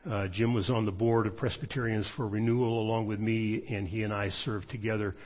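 Husky middle-aged preacher telling a story. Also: male voice, lowish voice, little pitch movement. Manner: measured storytelling with frequent pauses and fillers. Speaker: pastor. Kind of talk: sermon. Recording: dull lo-fi sermon recording.

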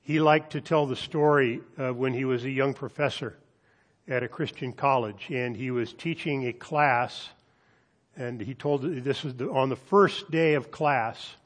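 A pastor delivering a sermon. He reads scripture slowly and deliberately, then tells a story with animated emphasis. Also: mid-range voice. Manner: measured, deliberate reading with dramatic pauses; animated storytelling, lifting his voice for quoted students.

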